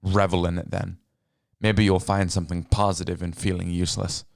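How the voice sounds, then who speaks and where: A man's voice: deep voice, flat delivery, normal speed, creaky, a little mellow, no echo, studio quality. A man voicing a bitter young man who is angry at all of existence and talks in a cold, lecturing way. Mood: scornful.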